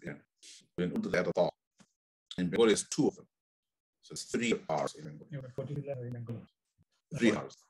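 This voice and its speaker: A man with a British accent teaching Quranic recitation, patiently repeating phrases and modelling pronunciation slowly for his students. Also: on the low side, lively intonation, a little mellow, breathy edge, poor audio. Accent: British English. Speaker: tajweed teacher. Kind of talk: live recitation coaching.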